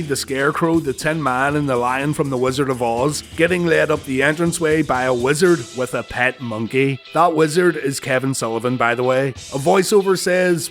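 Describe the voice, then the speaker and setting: A man giving scripted, sarcastic narration about wrestling history, swearing freely as he goes. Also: fairly high pitch.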